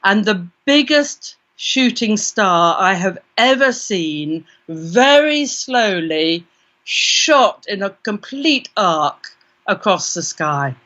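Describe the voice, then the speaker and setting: Speaking slowly in a medium-pitched, fairly bright voice, this guest animatedly recounts a first-person tale and voices her own inner thoughts. She's a British parapsychologist being interviewed, and her accent is British English. The audio is lo-fi and dull.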